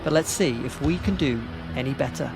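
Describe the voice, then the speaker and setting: A man's voice: on the high side, brisk, over loud music. A man hosting a podcast, who plays up western slang when he asks listeners for reviews and introduces segments. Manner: playful, hams up western slang in promo reads. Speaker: podcast host.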